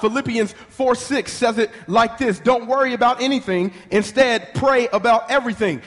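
Animated preacher, high-pitched man, call-and-response delivery; recorded with long church reverb. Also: normal speed, hardly any pauses. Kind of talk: sermon.

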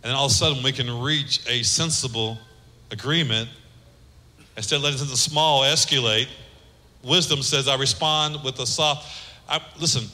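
A middle-aged man preaching a sermon as pastor, animated, swinging between loud emphasis and soft, low asides. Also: moderate pace. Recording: echoey hall with long reverb.

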